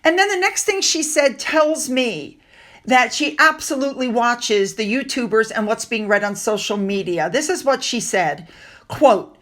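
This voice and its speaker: A woman's voice: on the high side, expressive, unhurried, fairly bright tone. A woman hosting a commentary monologue, talking in a sarcastic and indignant way. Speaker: commentary channel host.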